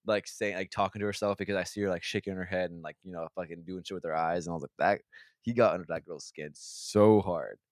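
A young man with a low voice tells a rambling, profanity-heavy story in casual podcast chat. He restarts sentences constantly and slips into quick impressions of the people involved. The sound is close and dry. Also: dry recording. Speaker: podcast host.

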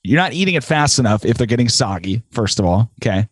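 A man's voice: medium pitch, animated, quick pace, no room sound. A man co-hosting a podcast in casual chat, blunt and argumentative, teasing his partner and swearing. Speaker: podcast co-host.

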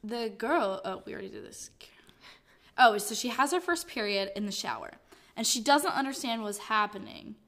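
A woman's voice: on the high side, very animated, normal speed, pushed and bright. A woman co-hosting a podcast in casual chat. She is chatty and giggly, uses lots of "like" fillers, and reads a story synopsis in a dramatic voice. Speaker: podcast co-host.

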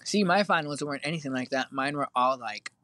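A man's voice: medium pitch, brisk, bright, forceful tone, no echo. A teenage boy co-hosting a casual chat, telling a long story with lots of fillers and restarts. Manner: rambling, filler-heavy storytelling.

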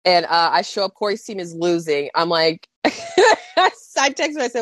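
A young woman co-hosting a casual podcast, telling quick anecdotes, laughing and swearing freely. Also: fairly low pitch, big pitch swings, dry recording. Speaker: podcast co-host. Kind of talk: casual chat.

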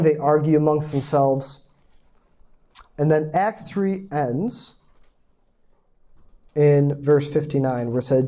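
A man delivering a sermon in a relaxed, conversational teaching voice, mellow and warm in tone. He keeps checking in with listeners, and he acts out the crowd's quoted lines with mock outrage. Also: a little high, slight background noise. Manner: conversational teaching, rhetorical asides. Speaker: pastor.

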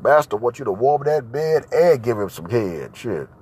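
A man hosting a podcast, ranting loudly and profanely in a comedic monologue and repeating his points. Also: mid-range voice, very animated, normal speed. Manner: loud, profane, repetitive ranting. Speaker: podcast host. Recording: noisy home recording.

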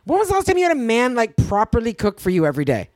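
Woman podcast co-host, casual animated storyteller, dry close mic. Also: on the high side, racing, dry recording. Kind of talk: casual chat.

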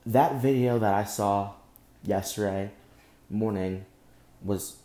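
Angry, emotional man with a low, dark voice. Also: slow pace, pauses often, reverberant. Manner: angry, emotional, repeats and restarts. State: emotionally shaken. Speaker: podcast host. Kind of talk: impassioned solo podcast monologue.

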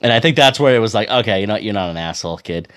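A man's voice: on the low side, expressive, racing, a bit bright. A man in his thirties telling a rambling, profane story in casual monologue, often laughing. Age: 30s. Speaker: amateur hockey goalie.

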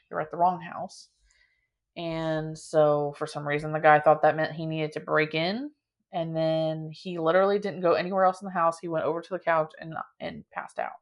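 Low-pitched young woman, podcast host, casual and dramatic storyteller, leans on "like.". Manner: dramatic, animated telling with many filler "like"s.

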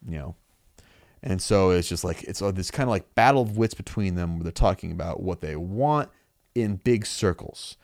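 A man casually recapping a comic book story as podcast co-host, animated, acting out quick quotes. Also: low-pitched, gravelly, dry recording, studio quality. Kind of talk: casual chat.

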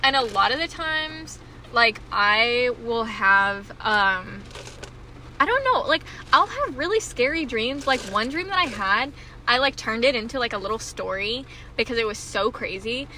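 A woman's voice: a little high, a little slow, slight background noise. A young woman chatting casually as a co-host, reacting with gasps and telling stories packed with fillers. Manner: animated reactions, filler-heavy storytelling. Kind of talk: casual chat. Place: Houston, with rain outside.

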